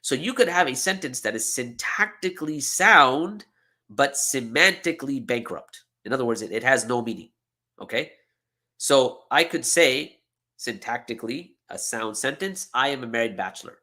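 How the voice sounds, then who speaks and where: A man's voice: medium pitch, lively intonation, normal speed, bright, forceful tone. A man teaching a seminar, explaining with emphatic repetition and frequent "okay?" and "right?" checks. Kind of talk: lecture.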